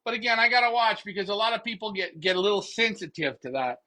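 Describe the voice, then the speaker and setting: Carrying his phone out to the backyard loft at night, a man hosts a casual pigeon racing live stream. He speaks quickly in a high, bright voice, cracking jokes and rambling to the people watching.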